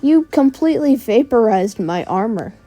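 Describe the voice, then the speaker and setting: A stiff, rule-minded teenage boy who scolds in formal phrases, put on by a woman narrating a fan story. The voice is mellow rather than sharp. Soft music lies faintly under it. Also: fairly high pitch, expressive, moderate pace.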